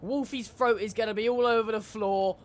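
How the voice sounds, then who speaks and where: Playing a game, someone gives casual, jokey let's-play commentary, laughing and swearing a lot. Their medium-pitched voice is fairly quick with fairly even intonation.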